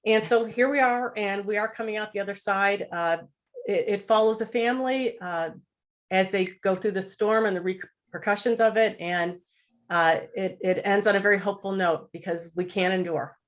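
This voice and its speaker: Nervous, halting woman on a call. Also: mid-range voice, steady tone. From Ohio, USA. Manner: halting, many restarts, near tears. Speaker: guest author. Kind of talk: nervous self-introduction at a virtual event.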